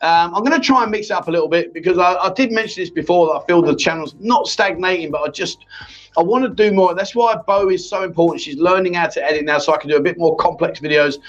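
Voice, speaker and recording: A man's voice: sits high, fast talker. A man hosting a casual live-stream chat show, bantering with a co-host and reading viewer comments aloud. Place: bar or venue. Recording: slightly dull sound with faint music.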